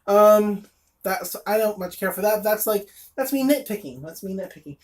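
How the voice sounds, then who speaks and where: A woman's voice: mid-range voice, animated, normal speed. A woman reviewing a comic in casual chat, blunt and sarcastic, with lots of fillers and asides.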